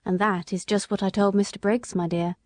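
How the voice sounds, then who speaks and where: A woman's voice: medium pitch, steady tone, brisk, no room sound, natural voice. A woman reading an audiobook, voicing an earnest, humble working-class male cabman in a plain, respectful way. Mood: steady.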